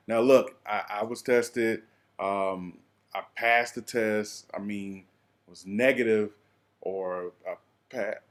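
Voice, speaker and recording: A young man with a Southern Atlanta accent tells a funny personal story, his voice sitting at an ordinary middle pitch. He talks in a loose, animated way, heavy with dialect and playful overstatement. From American South. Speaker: vlogger. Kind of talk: comic storytelling monologue.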